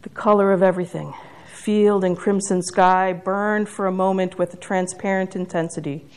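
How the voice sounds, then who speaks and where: A woman preaching, retelling a story in a measured and reflective way. Her voice sits at an ordinary pitch for a woman. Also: fairly even intonation, a little mellow.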